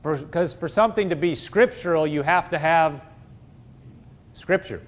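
A man's voice: on the high side, a little slow. A man preaching a sermon as pastor, emphatic, throwing rhetorical questions at the congregation.

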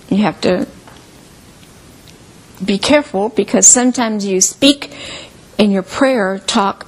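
A woman's voice: mid-range voice, breathy edge, low-quality recording. A woman preaching a sermon in an earnest, conversational way, sharing personal testimony.

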